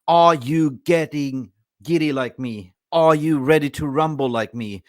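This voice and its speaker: A man hosting a football fan channel, ranting with excited emotion. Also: on the high side, unhurried, no room sound, clean studio sound.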